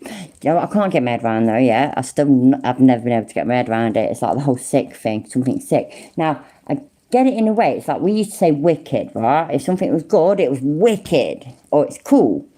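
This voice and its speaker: Woman, English Midlands accent, sweary, rambling, low pitch, dark tone. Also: big pitch swings, brisk. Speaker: streamer. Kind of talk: casual livestream commentary.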